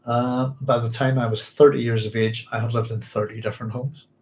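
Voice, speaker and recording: A middle-aged man from Northern Ireland whose accent blends Northern Irish and English sounds. He talks in a tired, reflective way to his audience, stopping and restarting his sentences often, at a mid-range pitch. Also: little pitch movement, slight background noise. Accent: mixed Northern Irish and English. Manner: halting, many restarts and fillers, reflective. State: physically tired. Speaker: podcast host. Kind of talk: emotional personal storytelling to a live audience.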